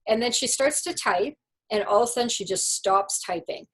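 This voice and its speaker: A woman coach telling a personal story in a lively, casual way, full of "like" and "you know". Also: a little high, normal speed, husky, poor audio. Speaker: life coach and speaker.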